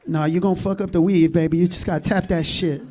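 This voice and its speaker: A man's voice: sits high, steady tone, fast, darkish tone, some chatter behind, a little hiss or hum, pitched below the performer's own voice, close to an everyday voice. A man putting on a sassy grandma who calls you baby. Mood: fussing. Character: older woman, a friend's doting grandma.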